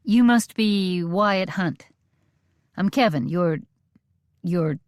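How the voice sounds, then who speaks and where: A woman voicing a tense young rancher man who speaks haltingly, forcing a casual tone. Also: sits low, animated, no room sound, studio quality, full character voice. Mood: strained.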